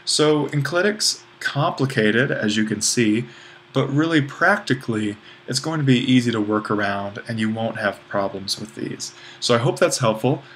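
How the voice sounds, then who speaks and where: A man in a recorded online grammar lesson, explaining rules step by step in a loose, informal way, often restarting sentences and dropping fillers. His voice sits at a middling pitch. A faint hiss runs underneath. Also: lively intonation, normal speed, fairly bright tone. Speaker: Greek language instructor.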